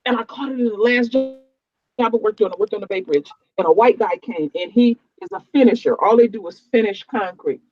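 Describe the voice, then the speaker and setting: A man's voice: sits high, a little fast, dry recording, highs cut off. A man, a construction worker telling a heated story in a casual online discussion. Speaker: construction worker, panel guest.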